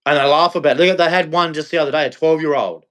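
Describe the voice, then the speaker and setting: A man's voice: fairly high pitch, racing, a bit bright. An Australian man ranting on a livestream in a blunt, scolding, preachy way. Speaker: livestream host. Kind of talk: livestream rant.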